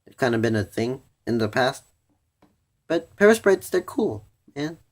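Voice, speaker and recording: A man's voice: mid-range voice, big pitch swings, unhurried. A teenage boy in a casual video review, rambling with many "you know"s and "like"s, restarting his sentences as he thinks aloud. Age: teens. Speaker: vlogger reviewing a cartoon episode.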